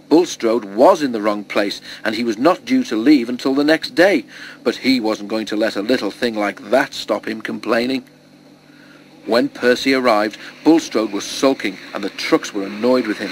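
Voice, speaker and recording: A man reading a children's storybook aloud in a steady, expressive storytelling voice. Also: mid-range voice, normal speed, a little hiss or hum, low-quality recording. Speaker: storybook reader.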